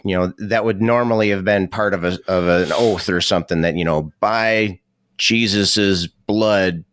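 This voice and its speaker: A man's voice: low-pitched, steady tone, fairly quick, a little hiss or hum. A man co-hosting a podcast who asks probing questions in a careful, considerate way. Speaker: podcast co-host. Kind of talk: casual podcast discussion.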